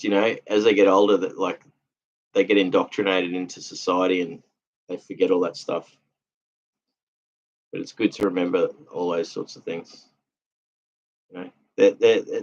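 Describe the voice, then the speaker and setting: A tired man hosting a casual livestream, reading chat comments with many fillers, restarts and laughs. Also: sits low. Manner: rambling, halting, lots of fillers and restarts, laughs often. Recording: dull lo-fi sound.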